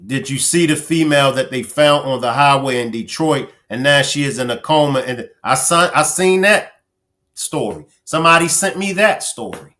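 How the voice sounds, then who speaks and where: A man's voice: medium pitch, normal speed, sharp tone. Emphatic man live-streaming commentary. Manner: talks straight to chat viewers, emphatic, repeats phrases. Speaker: livestream commentary host.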